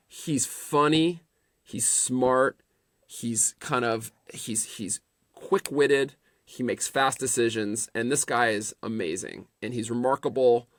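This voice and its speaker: A middle-aged man spins animated stories as a podcast guest, doubling back and restarting his phrases as he goes. His voice sits in a middle range and is recorded close and dry, with no room sound. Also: medium pitch, dry recording. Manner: animated anecdotes with repeated restarts. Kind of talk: casual storytelling interview.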